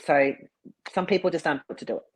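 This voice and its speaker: A man's voice: fairly high pitch, steady tone, quick pace, a little hiss or hum, low-quality recording. A man, a bodybuilder, talking as an interview guest. He tells his story earnestly and sometimes repeats words.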